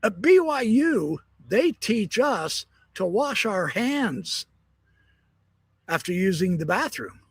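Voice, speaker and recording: A man putting on a smug college student inside a told joke, speaking slowly and pointedly. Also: sits high, very animated, breathy edge, no echo, voice pushed up, exaggerated voice.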